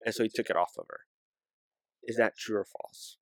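A man's voice: lowish voice, brisk, vocal fry, dry recording. A young man co-hosting a podcast, telling a story in a casual, rambling way with many fillers. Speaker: podcast co-host.

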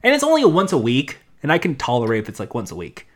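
Lively, opinionated young man. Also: mid-range voice, quick pace. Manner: opinionated, rambling, joking. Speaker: podcast co-host. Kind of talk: casual chat.

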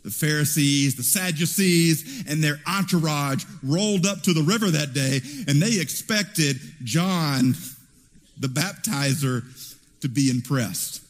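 A man preaching a sermon in an animated storytelling way, heard in a church hall with reverb. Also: a little high, a little slow. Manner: animated storytelling with acted quotes.

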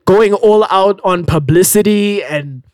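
A man's voice: sits high, measured pace, dry recording, clean studio sound. A man hosting a casual podcast who makes his points with emphasis and repeats them for effect. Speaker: podcast host. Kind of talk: casual chat.

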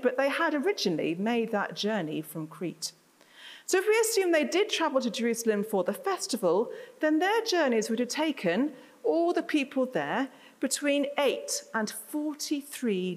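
A woman preaching a sermon to her congregation, chatty, with self-deprecating asides. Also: a little high. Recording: reverberant hall.

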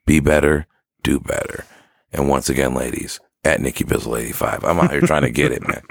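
A man in his twenties co-hosting a podcast, loud, joking and profane as he tells stories. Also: very deep voice, sing-song, fairly quick, vocal fry, breathy edge, no echo, studio quality. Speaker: podcast co-host. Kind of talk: casual podcast chat.

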